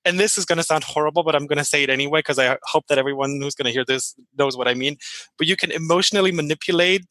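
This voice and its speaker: A man's voice: fairly high pitch, racing, pushed and bright, no echo. A man from Germany, a podcast co-host and interpreter, chatting animatedly, laughing often and acting out the voices he quotes. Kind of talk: casual podcast chat.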